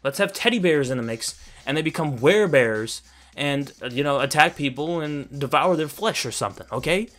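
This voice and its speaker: A man's voice: a little high, expressive, brisk, fairly bright tone, faint music behind. A man giving a casual, profane and sarcastic review of a film he finds ridiculous, laughing as he rants. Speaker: movie reviewer. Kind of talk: casual ranting movie review.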